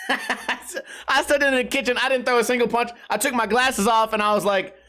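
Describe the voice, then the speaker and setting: A man's voice: very high-pitched, normal speed. A man in his thirties, a vlog host, telling rambling stories in a slangy, swearing, casual way, laughing often and losing his train of thought. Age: 30s. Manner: slangy and animated when retelling stories.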